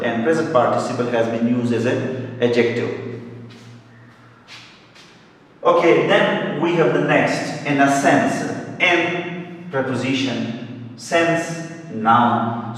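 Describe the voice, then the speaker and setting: A man's voice: medium pitch, fairly bright tone. Guy teaching english grammar, says every term twice, classroom with lots of echo. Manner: explains slowly, repeats key words, drops into Hindi glosses. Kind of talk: grammar lecture. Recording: echoey hall, mic far off.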